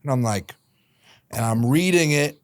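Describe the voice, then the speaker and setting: Guest storyteller, male, late 30s: animated, jumps into quoted voices, dry close mic. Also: mid-range voice, no room sound. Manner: lively retelling, acting out quoted voices, quick asides. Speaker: guest, hockey team founder. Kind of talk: storytelling in a podcast interview.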